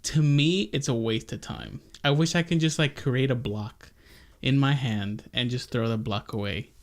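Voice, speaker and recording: This is a young man hosting a podcast, chatting casually and rambling from one goofy bit to the next. His pitch sits in an ordinary middle range, and he jokes around loosely as he talks. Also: moderate pace. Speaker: podcast host. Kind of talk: casual chat.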